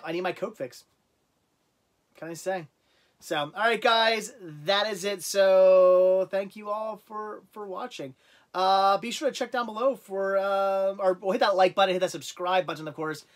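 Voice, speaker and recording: Man, fairly high voice, livestream host, rambling casual talk, lots of ums. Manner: rambling, repeats himself, many fillers.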